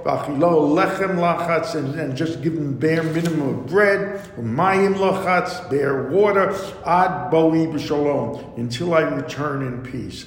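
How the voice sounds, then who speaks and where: Male teacher, slightly higher voice, slow and deliberate, reads verse then explains, echoey hall with faint rumble. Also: creaky. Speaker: Torah teacher. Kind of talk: lecture on scripture.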